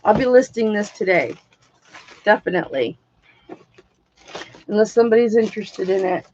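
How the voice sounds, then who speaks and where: A woman selling items on a casual live stream, chatty and excitable, swearing casually as she talks to her viewers. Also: medium pitch, normal speed, slight background noise. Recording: dull lo-fi dry sound.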